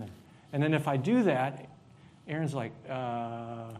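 A man's voice: medium pitch, normal speed, slight background noise. Conversational man preaching a sermon. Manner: conversational, animated preaching with asides to the congregation. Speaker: pastor.

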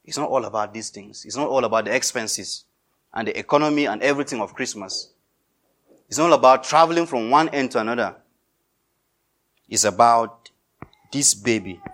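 A male pastor preaching a sermon, emphatic and repetitive, swinging between loud insistence and quiet intensity. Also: on the low side, moderate pace, long pauses.

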